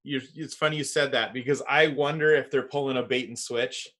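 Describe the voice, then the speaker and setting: A man's voice: mid-range voice, steady tone, fairly quick, crowd noise. A man co-hosting a casual podcast, chiming in with short, eager interjections. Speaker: podcast co-host.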